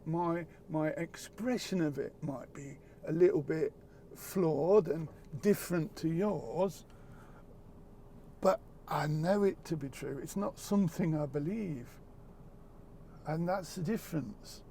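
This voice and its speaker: Guy talking slow and earnest, kinda high-ish voice with gravel in it, stumbles and repeats words. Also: warm tone, slight background noise. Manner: earnest, halting, repeats words, occasional swearing. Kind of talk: reflective casual chat.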